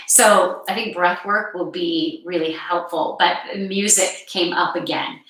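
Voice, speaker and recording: A woman guiding a live card reading and breathing session in a slow, soothing way, step by step. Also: on the low side, steady tone, fairly bright tone. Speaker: card reader and meditation guide. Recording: very echoey room.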